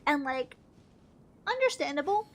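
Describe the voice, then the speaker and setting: A woman's voice: high-pitched, big pitch swings, a little slow, a bit bright. A young adult woman streaming a game, chatting casually in a rambling, giggly way with offhand swearing. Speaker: gaming streamer. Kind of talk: casual chat while gaming. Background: faint game music.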